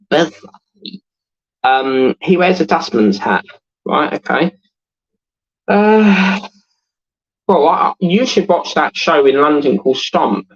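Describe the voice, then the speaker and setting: A man in his thirties hosts a relaxed livestream and chats his way through viewer comments. He rambles, laughs easily and fills the gaps with ums. His voice is a little raspy, and the recording sounds dull and lo-fi. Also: mid-range voice. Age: 30s. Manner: chatty and rambling, laughs often, many fillers. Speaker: host of a model-building livestream. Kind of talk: casual livestream chat, reading out viewer comments.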